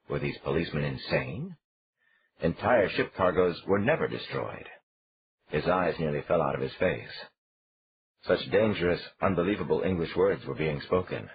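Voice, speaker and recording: A male narrator reads a crime novel aloud in an extremely deep voice. His delivery is animated, rising and falling through each sentence. The sound is dull and muffled. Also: moderate pace, gravelly. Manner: steady, lively storytelling. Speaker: audiobook narrator. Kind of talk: scripted narration. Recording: dull lo-fi audio.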